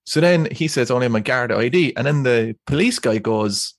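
A young Irish man who tells a rambling story in casual chat. His voice sits at a middle pitch, and the sound is dry and close, with no room in it. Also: a little fast, few pauses, no echo. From Ireland. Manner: rambling, animated, laughs through his stories. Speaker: guest.

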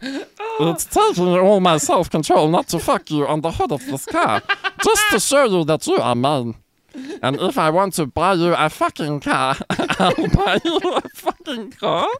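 A squeaky goofy cartoon alien. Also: male voice, wildly swooping pitch, measured pace, a bit bright, heavily acted. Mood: silly. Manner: high squeaky lilting put-on voice, breaking into giggles. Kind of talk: comedic podcast reading.

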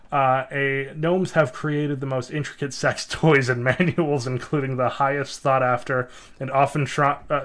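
A man's voice: medium pitch, a bit bright. Giggly man reading aloud. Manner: reads haltingly, stumbles and giggles mid-sentence. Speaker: podcast co-host. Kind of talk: casual comedy chat, reading excerpts aloud.

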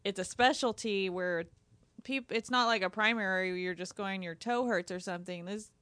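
A woman in casual conversation giving frank advice, chatty and quick to laugh. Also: medium pitch, a bit bright, no room sound.

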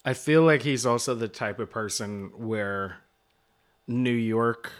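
A man's voice: mid-range voice, takes it slowly. A man, a bar owner guest, speaking hesitantly with many fillers in casual chat.

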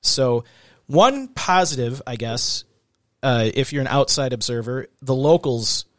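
A man's voice: mid-range voice, lively intonation, a little slow, no room sound, studio quality. A man hosting a casual true-crime podcast late at night, reading quotes aloud and then chatting loosely. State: tired, recording late at night. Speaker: podcast host.

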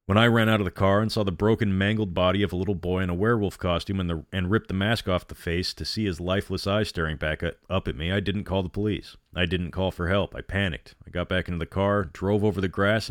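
Man, very deep voice, tense horror story narration, dry close sound. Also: dry recording.

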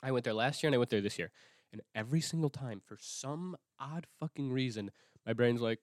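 Young male podcast host, animated swoopy delivery, dry close sound, rambling and profane. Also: medium pitch, fairly quick, no room sound. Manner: rambling, profane, self-interrupting with restarts. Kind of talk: casual rambling monologue.

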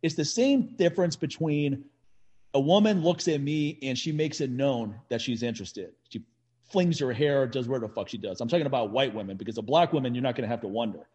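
A man talking in a casual chat, telling animated stories, laughing often and swearing freely. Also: medium pitch, a little fast, husky, highs cut off.

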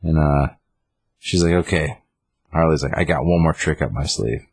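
A man's voice: extremely low pitch, moderate pace, creaky, breathy edge, no room sound, studio quality. A man casually recapping a comic story, rambling with lots of fillers. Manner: rambling retelling with many fillers. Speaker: comic book reviewer. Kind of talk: casual chat.

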